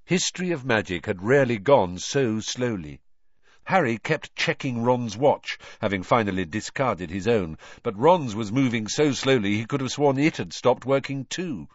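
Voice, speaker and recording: A man reading a story aloud as an audiobook narrator, expressive in his storytelling. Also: mid-range voice, normal speed, no room sound, dull audio. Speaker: audiobook reader. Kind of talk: scripted narration.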